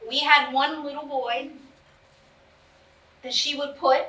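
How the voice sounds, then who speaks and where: A woman leading a parent training session in a casual, animated way, often acting out what kids and parents say. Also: sits high, takes it slowly. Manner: animated and chatty, acting out quotes. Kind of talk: casual coaching talk. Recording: echoey room, mic at a distance.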